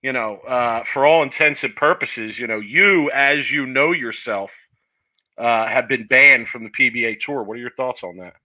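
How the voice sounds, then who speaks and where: A man's voice: mid-range voice, moderate pace, bright, forceful tone, rough recording. A man hosting a casual comedic podcast, loose and playful, with lots of fillers as he interviews a guest. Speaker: podcast host.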